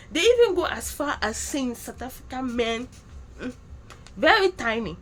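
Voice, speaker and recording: Woman channel host, lively high voice, teasing commentary, light background noise. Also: moderate pace. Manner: animated, teasing, laughs at own jokes. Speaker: YouTube commentator. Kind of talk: casual commentary vlog.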